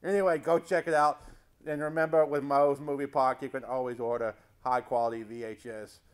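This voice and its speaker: A man's voice: medium pitch, steady tone, fairly quick, smooth, natural voice. A man playing a clueless, sleazy movie-review show host who rambles and keeps losing his train of thought in a comedy sketch. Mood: rambling.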